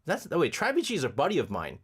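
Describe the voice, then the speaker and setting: A man's voice: fairly high pitch, huge pitch swings, a bit bright, slightly rough. A man hosting a radio show from the studio, joking and rambling in casual chat. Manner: joking, rambling, quick to laugh. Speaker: radio host.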